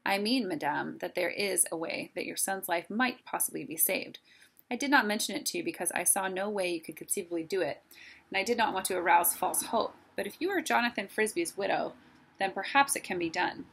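A wise old male owl, grave and precise in his formal speech, as a woman reading a storybook puts him on. The voice is gravelly and husky, and it sits at a middle pitch. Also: fairly quick, fairly bright tone. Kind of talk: storybook read-aloud.

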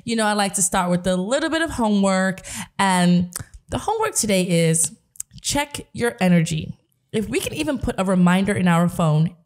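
A woman's voice: medium pitch, a little mellow. A woman hosting a podcast, telling stories in a chatty way with lots of "like" fillers. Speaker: podcast host. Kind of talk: casual podcast chat.

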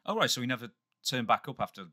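A man's voice: mid-range voice, sing-song, quick pace, bright, forceful tone. A man hosting an interview, asking short questions in a casual manner. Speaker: interviewer, host.

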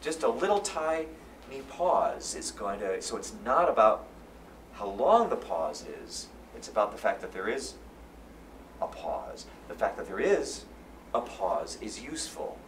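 A man gives a conference lecture, energetic and fond of repeating his key phrases. He sounds distant from the mic in a roomy space. A faint room hum sits under his voice. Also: lowish voice, moderate pace. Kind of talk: live lecture. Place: conference hall.

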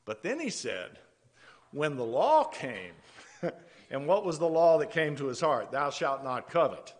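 A man preaching a sermon with a halting delivery, repeating words as he goes and laughing softly between points. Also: on the high side, animated. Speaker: pastor. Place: church sanctuary. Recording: long church-hall reverb.

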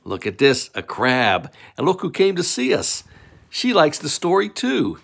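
A man's voice: fairly high pitch, huge pitch swings, a little slow, creaky, a bit bright. A man reading a bedtime story of rhyming riddles to young children in a playful, sing-song way.

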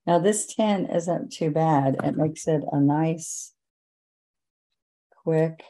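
Slow, low-voiced painting teacher woman. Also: low-quality recording. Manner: chatty, gentle step-by-step guidance. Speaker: painting instructor. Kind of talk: relaxed painting demonstration.

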